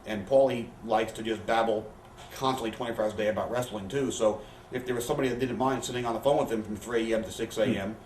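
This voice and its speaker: A man's voice: fairly low pitch, steady tone, quick pace, a little mellow. A man telling candid, profane stories as an interview guest, often acting out what others said. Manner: profane, rambling anecdotes with quoted voices. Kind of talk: candid storytelling. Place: living room. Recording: roomy, distant, faint background hiss.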